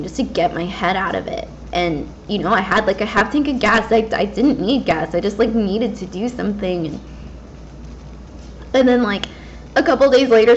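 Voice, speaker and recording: A woman in her twenties talking candidly and casually while she plays a game, rambling with many fillers. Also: a little high. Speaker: gaming vlogger. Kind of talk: casual personal talk while gaming. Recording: slightly dull lo-fi mic with faint background hiss.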